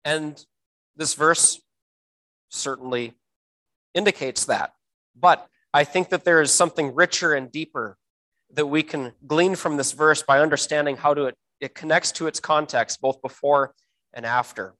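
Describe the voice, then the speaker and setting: A man teaching a Bible verse word by word, often pausing with fillers and repeating words, slowing down to stress key phrases. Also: on the high side, bright, forceful tone, rough recording.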